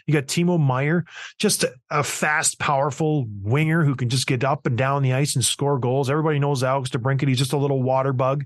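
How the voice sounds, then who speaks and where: A man hosting a casual hockey talk show, firing off excitable, rapid questions. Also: mid-range voice, dry recording, clean studio sound. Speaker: sports talk show host.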